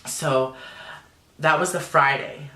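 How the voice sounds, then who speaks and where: A young man, a makeup artist, telling a personal story in an animated, emotional vlog full of fillers. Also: a little high, takes it slowly. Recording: roomy echo.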